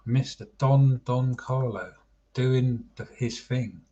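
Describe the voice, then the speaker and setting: A man's voice: mid-range voice, fairly even intonation, slow, mellow. A man hosting a casual football chat livestream, chatty and calling his viewers mate. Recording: dull lo-fi stream audio.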